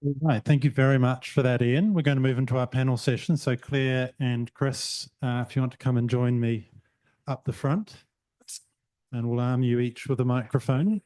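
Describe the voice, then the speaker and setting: A man hosting an event in a brisk, organising manner, moving into a panel discussion. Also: mid-range voice, fairly even intonation, darkish tone. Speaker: event host. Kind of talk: moderating a panel.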